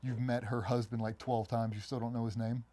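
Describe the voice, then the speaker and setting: A middle-aged former Navy SEAL, a guest in a casual interview, tells stories quickly and with lots of energy. When he quotes other people, he acts out their voices in a much higher pitch.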